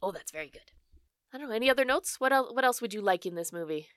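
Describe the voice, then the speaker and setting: A woman co-hosting a book club podcast, enthusiastic and quick to gush in casual chat. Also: on the high side, expressive, fairly bright tone, clean tone, no room sound, studio quality. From Canada. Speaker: podcast co-host.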